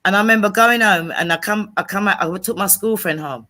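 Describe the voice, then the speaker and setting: Bright-voiced East London woman, animated. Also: mid-range voice, brisk. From England. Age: middle-aged. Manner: animated storyteller, acts out quoted dialogue. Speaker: panelist. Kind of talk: casual banter on a livestream.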